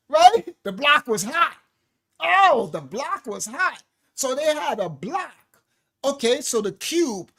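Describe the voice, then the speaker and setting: Loud, animated high-voiced woman preacher. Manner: animated, joking, slangy asides. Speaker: ministry teacher. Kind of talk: livestream teaching.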